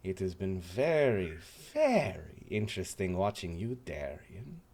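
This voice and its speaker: A man's voice: a little high, lively intonation, unhurried, voice pushed up. A man voicing a flamboyant, fawning floating casino guide with a put-on French flair. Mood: polite. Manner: theatrical, fawning, full of French exclamations.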